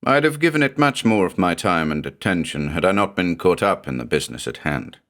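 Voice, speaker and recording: Deep male horror narrator, lively intonation, measured delivery. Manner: measured, dramatic storytelling.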